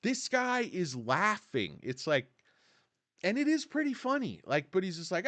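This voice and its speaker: On his laid-back stock livestream, this host rails against analysts with sarcasm, imitating them in silly voices and reading names from chat. Though animated, he sounds tired. His voice is high-pitched, his pace moderate, and the sound has no echo.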